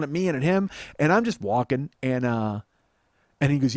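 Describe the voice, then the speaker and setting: A man telling a profane, animated story on a comedy podcast, acting out what other people said. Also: medium pitch, normal speed, dry recording. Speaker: comedian host.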